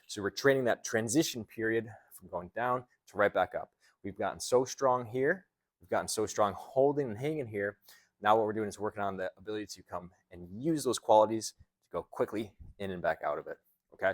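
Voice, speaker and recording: Lowish-voiced man coaching through exercises. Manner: explains while demonstrating moves, counting holds aloud. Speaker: chiropractor and trainer. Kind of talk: exercise demonstration.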